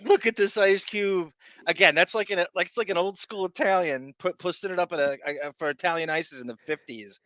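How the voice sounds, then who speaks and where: A man co-hosting a comedy podcast, teasing and excitable, laughing a lot as he chats. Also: high voice, fairly quick, no room sound. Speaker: podcast co-host. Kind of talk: casual comedic chat.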